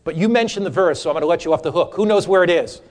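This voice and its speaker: A man teaching an interactive sermon to a church audience, humorous and animated, quizzing listeners for Bible verses. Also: a little high, rapid-fire, big-room sound. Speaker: preacher teaching a seminar. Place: church or hall before a live audience.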